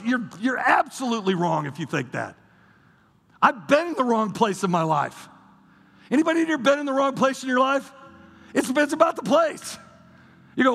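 A man's voice: very high-pitched, expressive, normal speed, vocal fry, pauses often, a bit bright, slightly rough. A male pastor preaching a sermon to a church audience, impassioned and emphatic, repeating words as he drives his points home. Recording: long hall reverb with music behind.

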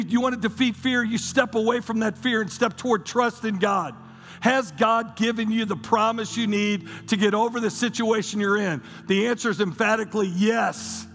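High, gravelly preaching man. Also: a bit bright. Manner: impassioned, emphatic preaching with repeated words. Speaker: pastor. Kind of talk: sermon. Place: church hall with audience. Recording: long hall reverb with music behind.

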